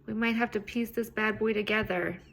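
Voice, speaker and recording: A woman's voice: mid-range voice, steady tone, fairly quick, creaky, a little hiss or hum. A woman hosting a podcast, talking casually and earnestly on her own, encouraging and a bit rambling. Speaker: podcast host. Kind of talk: casual solo self-help talk.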